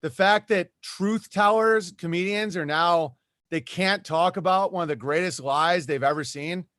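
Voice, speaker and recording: High-voiced man ranting as podcast guest. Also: unhurried, a bit bright, no room sound, clean studio sound. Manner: rambling, ranting storyteller with frequent asides. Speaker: comedian guest. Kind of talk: animated podcast conversation.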